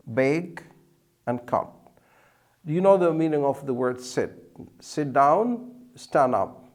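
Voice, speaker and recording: Slow, deliberate male teacher. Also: mid-range voice, gravelly, darkish tone. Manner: slow, deliberate, repeats key words. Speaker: English teacher. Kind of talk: explaining at a whiteboard.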